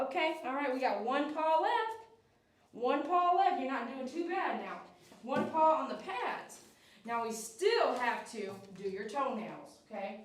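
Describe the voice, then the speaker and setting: A woman's voice: high voice, very animated, measured pace, heavy reverb, distant mic. A woman dog groomer talking casually while she works, soothing and coaxing the dog and repeating herself. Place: grooming room.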